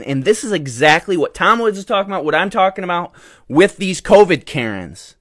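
A man's voice: fairly high pitch, big pitch swings, moderate pace, fairly bright tone, no echo, clean studio sound. A young man hosting a podcast, telling a story in a rambling, indignant rant full of fillers. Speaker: podcast host. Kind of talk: casual storytelling monologue.

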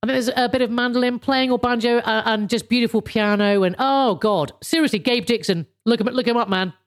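Woman, 50s, podcast host, casual solo chat, rambling, swearing, slightly high voice. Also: a little fast. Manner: chatty and rambling, with frequent swearing and restarts.

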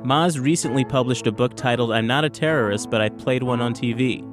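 A man's voice: mid-range voice, brisk. A man hosting a podcast, giving a plain spoken announcement after a segment. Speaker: podcast host. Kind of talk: show announcement. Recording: voice over guitar music.

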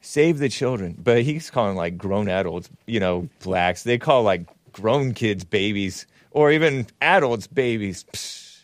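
A man hosting a talk show, giving casual political commentary in a mocking tone with laughing asides and sudden jumps in pitch. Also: lively intonation, unhurried, no room sound.

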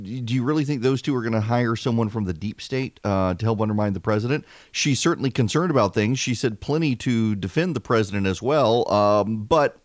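A man, hosting a talk radio show in an animated, wry way with frequent fillers. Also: fairly low pitch, no room sound, studio quality. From Louisiana. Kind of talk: opinionated talk radio monologue.

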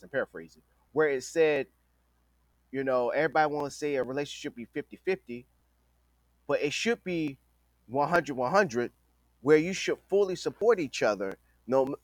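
A man's voice: mid-range voice, no room sound. Emphatic man talking casually, dry sound. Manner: conversational, emphatic, repeats phrases. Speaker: podcast host. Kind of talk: casual opinion monologue.

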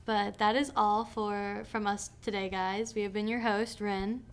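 A woman's voice: mid-range voice, measured pace. Chatty young woman podcast host. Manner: relaxed, chatty, laughs often. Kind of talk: casual chat.

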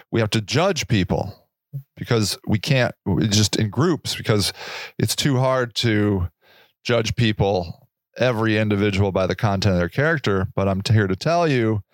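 A man hosts his own podcast solo, delivering a rambling, sarcastic casual monologue and laughing at his own jokes. His voice is fairly low, recorded with clean studio sound and no echo.

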